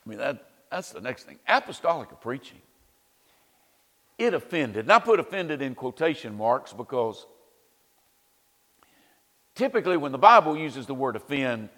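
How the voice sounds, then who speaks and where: A man's voice: mid-range voice, big-room sound. A man preaching a sermon in a conversational way, with wry asides and frequent "you know"s.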